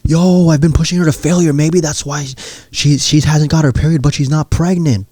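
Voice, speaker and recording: An excited young gym bro bursts out in a raised, bright voice, as a man telling a story puts him on. The sound is dry and close. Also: on the high side, moderate pace, no echo, voice pushed up, close to an everyday voice.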